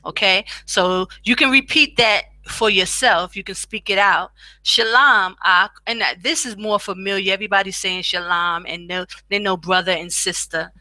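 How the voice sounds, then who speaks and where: A woman teaching a beginner language lesson, slowly repeating each phrase for practice, with chatty asides. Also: mid-range voice, pushed and bright, no echo.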